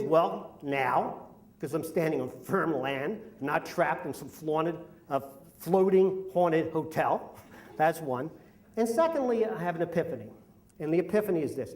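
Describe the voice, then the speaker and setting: A man's voice: fairly high pitch, animated, moderate pace, darkish tone. A middle-aged man telling a self-deprecating, complaining comic story at a live story slam. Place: live event venue. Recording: roomy hall, mic at a distance.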